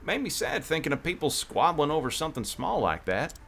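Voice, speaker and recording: A man's voice: fairly high pitch, sing-song, brisk, a bit bright, soft background music, full character voice. A man doing a folksy country cowboy merchant. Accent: put-on country cowboy. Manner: folksy storytelling. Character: cheerful male cowboy merchant with country drawl.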